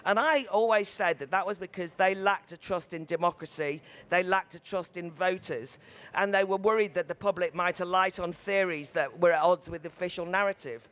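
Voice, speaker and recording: A woman's voice: lowish voice, moderate pace, a bit bright. A woman makes an impassioned case at a conference panel. She speaks with emphasis and conviction, leaning hard on key words. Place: conference venue.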